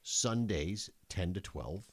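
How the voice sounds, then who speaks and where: Deep-voiced, lively teasing man. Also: slow, breathy edge. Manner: wry, teasing interjections. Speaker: podcast co-host. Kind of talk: casual chat.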